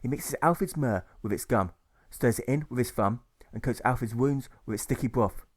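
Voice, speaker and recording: A man reads his own rhyming novel aloud in a mid-pitched voice. His scripted narration rolls along in a steady rhythm, leaning on each rhyme. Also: normal speed.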